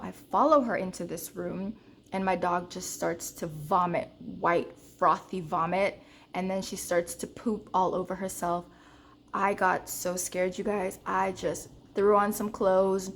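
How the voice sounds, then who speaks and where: A young woman vlogging about budgeting, telling a story to her viewers in an animated, casual way. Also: slight background noise. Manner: counts cash in a low murmur.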